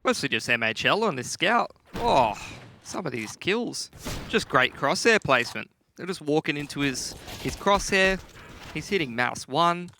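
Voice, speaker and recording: A man's voice: fairly high pitch, animated, a little slow, vocal fry, sharp tone, slight background noise. A man giving chatty, joking color commentary on an esports match. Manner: jokey, chatty. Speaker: esports analyst.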